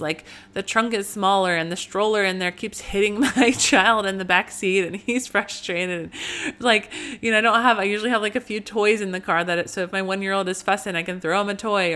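A woman's voice: medium pitch, fairly bright tone. A woman in her thirties hosting a faith podcast, chatting casually with many fillers and restarts. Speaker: podcast host.

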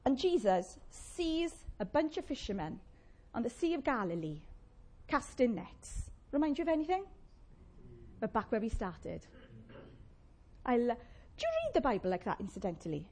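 Woman preacher, conversational, breathy higher voice. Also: moderate pace. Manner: animated, conversational, playful asides to the congregation. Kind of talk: sermon.

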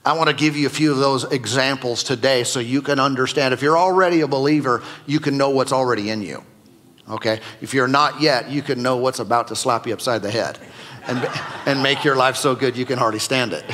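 A man's voice: mid-range voice, fairly quick, fairly bright tone. A male pastor preaching a sermon in a conversational, joking way to his congregation. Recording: long hall reverb.

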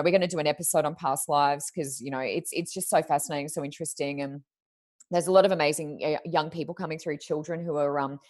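A woman, co-hosting a podcast, telling stories in a lively, laughing way. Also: sits low. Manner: lively storyteller, laughs, mimics voices. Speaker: podcast co-host, reader. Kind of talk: casual chat.

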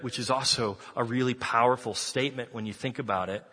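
A man preaching a sermon as pastor, talking in a relaxed conversational way with fillers and restarts. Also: medium pitch, a little fast, hardly any pauses, husky, big-room sound.

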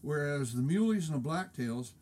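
Brief: man, fairly high voice, earnest casual storyteller. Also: lively intonation, normal speed, a little mellow, a little hiss or hum. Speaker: guest hunter.

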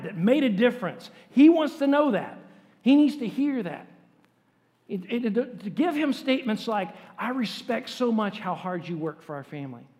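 A man preaching a sermon as pastor, earnest and emphatic, with rising bursts of force. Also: sits high. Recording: long hall reverb.

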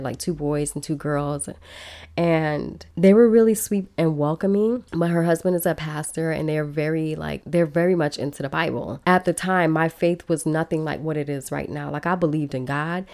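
Woman with a low voice, podcast host, chatty personal story, talks right to her listeners. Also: a little mellow. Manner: casual and chatty, addresses listeners directly.

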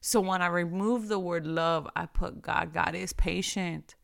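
A woman's voice: lowish voice, fairly even intonation, measured pace, vocal fry, fairly bright tone, dry recording, studio quality. A woman giving a conversational devotional talk, earnest and repeating phrases for emphasis. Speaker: devotional speaker.

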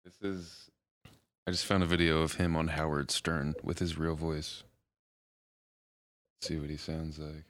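A man's voice: rumbling low, level tone, unhurried, long pauses, dry recording. A man co-hosting a casual podcast chat, laughing often and giving short replies. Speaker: podcast co-host.

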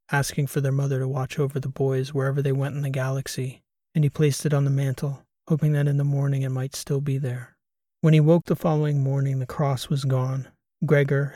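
A man narrating a science fiction audiobook in a steady, even storytelling manner. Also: medium pitch, no echo, clean studio sound. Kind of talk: scripted narration.

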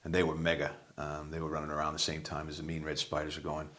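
A man's voice: very deep voice, completely flat delivery, fast, a bit bright. A man, a musician, telling rambling anecdotes in casual chat, with plenty of ums. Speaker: musician guest.

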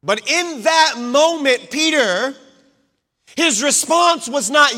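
A man preaching a sermon, swinging from loud declarations to hushed asides and acting out the quoted lines. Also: extremely high pitch, lively intonation, takes it slowly. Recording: long hall reverb.

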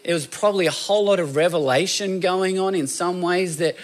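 A man preaching a sermon in a conversational, animated storytelling way, often acting out voices. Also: sits high, fairly quick, hardly any pauses.

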